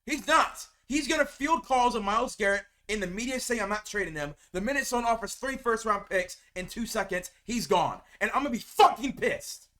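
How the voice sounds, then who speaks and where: A man's voice: very high-pitched, brisk, few pauses, sharp tone. A man ranting to camera as a sports fan, heated and venting, stumbling and repeating words as he gets upset. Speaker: sports video creator. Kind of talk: angry fan rant to camera.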